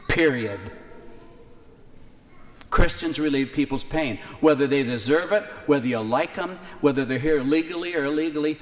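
A man preaching a sermon, conversational, with key lines repeated slowly for emphasis. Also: medium pitch, lively intonation, a little hiss or hum. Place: church. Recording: reverberant church hall, faint ambience.

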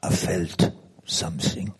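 A man voicing an older, philosophical Catalan chain-smoker with a French accent, speaking slowly in a hushed, deliberate way. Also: close to an everyday voice. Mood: wistful. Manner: slow, hushed, deliberate phrasing.

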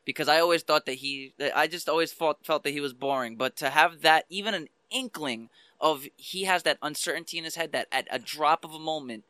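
A man's voice: on the high side, brisk, few pauses, bright, forceful tone, clean tone, dry recording. A man co-hosting a podcast, talking earnestly and stumbling over restarts. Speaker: podcast co-host. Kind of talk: casual chat.

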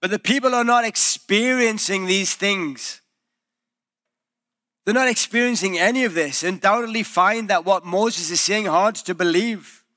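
Man, pastor, church sermon, animated storyteller, bright tone. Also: high voice, a little slow. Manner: animated storytelling preacher, acting out quoted voices.

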